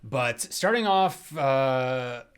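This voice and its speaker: A man hosting a podcast in casual chat, relaxed and hedging, often repeating words. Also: mid-range voice, very slow, clean tone. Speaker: podcast host.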